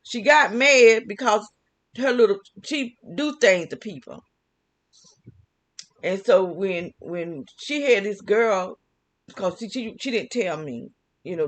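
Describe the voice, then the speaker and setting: A woman's voice: medium pitch, animated, unhurried. Rambling woman giving a casual testimony. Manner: rambling, laughs often, restarts sentences. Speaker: vlogger.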